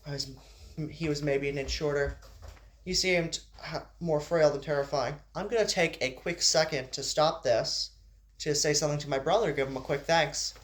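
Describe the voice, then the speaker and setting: A man's voice: on the high side, moderate pace, fairly bright tone. A man reading his story aloud in an amateur style, stumbling and restarting, with casual asides. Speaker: narrator.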